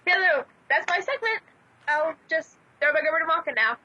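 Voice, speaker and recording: Fast, high-voiced woman on lo-fi audio. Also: expressive, sharp tone. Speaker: podcast co-host with a segment. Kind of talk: casual podcast chat. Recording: dull lo-fi audio.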